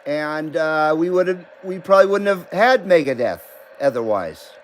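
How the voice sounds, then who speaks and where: A man's voice: a little high, lively intonation, a little slow, slight background noise, poor audio. A man hosting a casual live-stream about CB radio, chatting loosely, laughing often and reading viewer comments aloud. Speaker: CB radio livestream host.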